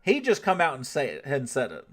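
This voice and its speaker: An American man streams casually, reading and answering his chat with a mid-range, slightly bright voice. He talks a little fast with huge pitch swings, swears freely, laughs often and teases his viewers.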